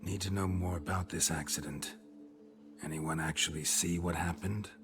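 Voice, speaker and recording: Geralt, a deep terse monster hunter. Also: male voice, fairly even intonation, moderate pace, over music. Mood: curt. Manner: terse, clipped, businesslike. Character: gruff, weary middle-aged male monster hunter. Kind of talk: video game dialogue.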